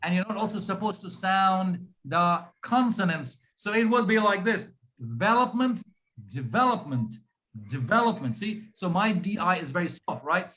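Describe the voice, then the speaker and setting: A man teaching pronunciation over a video call, stretching out words slowly and patiently to demonstrate stress. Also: high-pitched, bright, forceful tone, rough recording. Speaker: pronunciation coach. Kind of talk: online speaking lesson.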